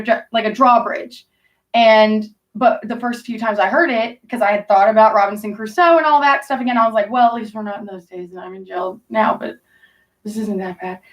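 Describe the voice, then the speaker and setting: A woman's voice: mid-range voice, distant mic, lo-fi sound. A woman telling rambling, profane stories in casual chat with her stream audience. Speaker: livestreamer talking to chat.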